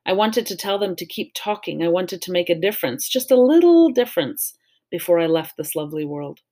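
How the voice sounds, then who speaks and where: Woman reading aloud, children's novel, calm, measured, fairly low voice.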